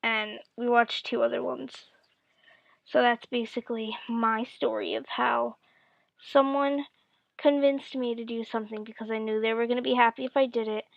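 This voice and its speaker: A woman's voice: fairly high pitch, creaky, fairly bright tone, no echo, muffled recording. A young woman telling a personal story to camera in a chatty way, full of "like", and acting out what people said. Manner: chatty, full of "like", acts out quotes. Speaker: vlogger. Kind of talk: storytelling monologue.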